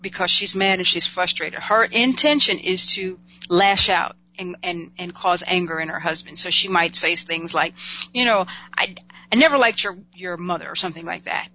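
A host with a bright, forward voice asks reflective, measured questions and keeps up a steady stream of listening sounds. The recording is dull and lo-fi. A faint hum runs underneath it. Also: mid-range voice. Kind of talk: casual talk show conversation.

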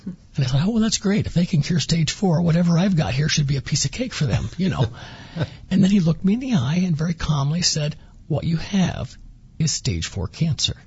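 A man's voice: on the high side, lively intonation, brisk, a little mellow, slightly rough, no echo, lo-fi sound. A man guest on a radio interview, earnestly recounting his experience and acting out quoted dialogue. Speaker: interview guest, former patient.

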